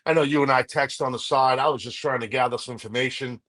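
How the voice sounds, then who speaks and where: A man's voice: medium pitch, steady tone, fast, fairly bright tone. Agreeable man chiming in on a podcast. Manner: agreeable, short affirmations. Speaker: podcast co-host. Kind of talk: casual podcast chat.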